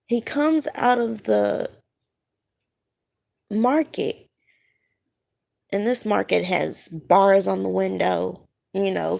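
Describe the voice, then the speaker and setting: Woman, just awake, slow halting delivery with fillers; gravelly vocal fry, dream-retelling vlog. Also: medium pitch, darkish tone. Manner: halting, searching for words, many fillers. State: just woken up. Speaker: spiritual vlogger. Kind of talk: casual monologue recounting a dream.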